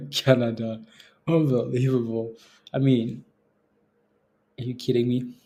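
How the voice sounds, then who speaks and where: His mid-range voice is mellow, slow and level in tone. As host of a live stock trading stream, the man chats informally with viewers and often chuckles while remarking on the market.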